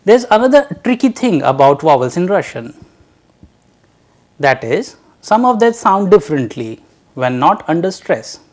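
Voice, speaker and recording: In a recorded lecture, a language teacher slowly and carefully draws out each letter sound so learners can repeat it. The voice is medium-pitched, very animated, and darkish in tone.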